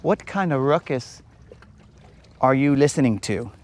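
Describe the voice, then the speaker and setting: A man's voice: medium pitch, expressive, unhurried, close to an everyday voice. A man voicing an annoyed British wife woken in bed, in a mock British accent that he admits is poor. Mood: scolding.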